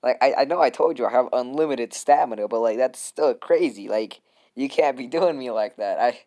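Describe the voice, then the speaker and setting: A man's voice: mid-range voice, normal speed, warm tone. A young man casually telling a fan story to his viewers, rambling, laughing often and swearing.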